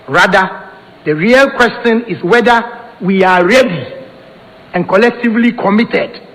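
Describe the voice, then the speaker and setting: A man delivering a formal prepared conference speech in a measured, rhetorical manner. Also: high-pitched, a bit bright. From Ghana. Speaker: conference speaker. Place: conference hall. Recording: long hall reverb.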